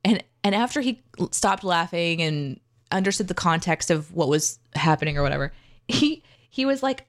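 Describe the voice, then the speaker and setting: A woman co-host tells a story in casual chat, her voice sitting on the low side and recorded close and dry. She talks playfully and with animation. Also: animated, normal speed, no room sound. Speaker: podcast co-host.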